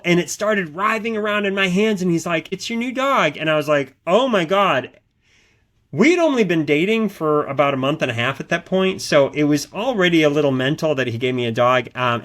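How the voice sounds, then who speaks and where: A man's voice: fairly high pitch, fairly bright tone. A man hosting a podcast, telling personal stories in a rambling, earnest way with many restarts and repeated words. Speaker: podcast host. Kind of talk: casual podcast monologue.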